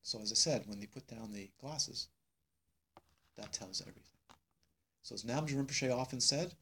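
A male meditation teacher giving a dharma talk to students, emphatic and unhurried, repeating phrases with many pauses. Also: medium pitch, a bit bright, breathy edge. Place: meditation hall.

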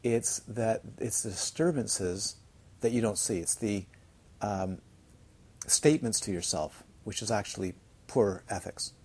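This man's voice is on the low side, a little slow, a little mellow and slightly rough. He's a Buddhist teacher giving a Dharma talk on retreat at a retreat centre, telling funny stories, chatting and checking in with those listening.

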